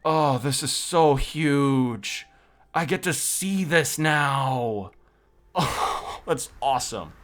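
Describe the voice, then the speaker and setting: A man streaming a video game and commenting in an excited, gushing way, often repeating himself. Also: medium pitch, drawn-out words. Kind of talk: casual let's-play commentary.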